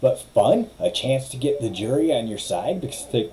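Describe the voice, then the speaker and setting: Middle-aged guy, lawyer, riffing on a court case, wry and opinionated, warm low-key tone. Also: big pitch swings, moderate pace, slight background noise, poor audio. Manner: opinionated, wry, mimics others' phrasing. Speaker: lawyer commentator. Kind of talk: casual commentary.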